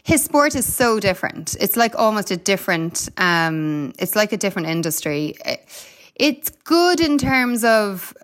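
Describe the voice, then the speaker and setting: A woman's voice: mid-range voice, big pitch swings, a little slow. A woman in her thirties with an Irish accent, a retired runner chatting as a guest, telling stories and laughing often. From Ireland. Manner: chatty, storytelling, laughs often, many fillers. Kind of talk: casual interview chat.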